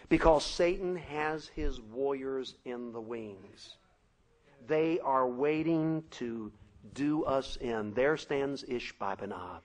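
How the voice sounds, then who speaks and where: A man preaching a sermon, telling a story dramatically with shouted sound effects. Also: mid-range voice, takes it slowly, low-quality recording.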